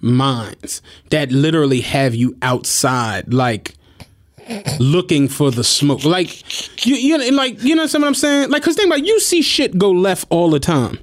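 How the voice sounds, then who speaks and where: Young guy cohosting a podcast, high voice, does all the voices in his stories, keeps cracking up. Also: a little slow. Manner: animated, acts out quotes, laughs often. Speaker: podcast co-host. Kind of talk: casual storytelling chat.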